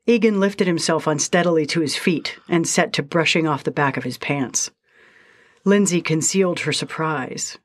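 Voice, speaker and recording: A woman narrating a short story in a steady, measured reading style. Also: deep voice.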